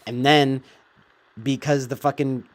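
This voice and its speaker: Casual man riffing off the cuff, plenty of cursing and filler, mid-pitched voice. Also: little pitch movement, measured pace. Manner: profane, meandering, filler-heavy. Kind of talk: casual rambling commentary.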